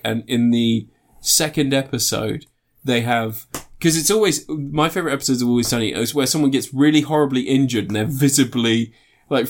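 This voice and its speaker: A man co-hosting a podcast, telling stories excitedly, swearing often and laughing through them. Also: medium pitch. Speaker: podcast co-host. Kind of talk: casual chat.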